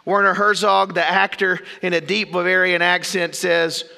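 A man preaching a sermon as pastor, with dramatic pauses and sudden drops to low, quiet phrases. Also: flat delivery, vocal fry. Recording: long reverb of a big hall.

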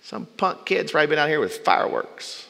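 A male preacher delivering a sermon with folksy humorous asides, swinging between loud bursts and hushed, drawn-out phrases. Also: on the high side, very animated, creaky. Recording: long reverb from a large hall.

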